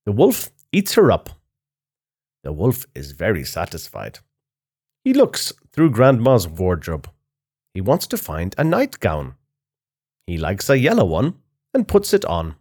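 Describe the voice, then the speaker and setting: A man reads a children's fairy tale aloud, slowly and clearly. His pitch rises and falls a great deal as he paints each moment. It suits a bedtime listening pace. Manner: slow, expressive storytelling. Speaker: narrator. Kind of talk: children's story reading.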